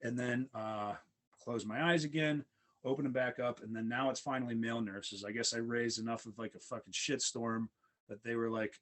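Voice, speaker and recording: A young man recounts a wild night in a loose, rambling way, with plenty of fillers and restarts. His voice sits at a middle pitch for a man, and his delivery stays relaxed and conversational. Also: moderate pace. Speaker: storyteller. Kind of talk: casual storytelling.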